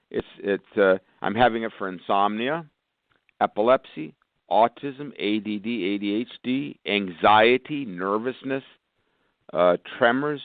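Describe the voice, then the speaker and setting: A man's voice: on the low side, dry recording. A male physician guest talking with enthusiasm on a phone interview, rambling through long lists. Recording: tinny phone line, dry.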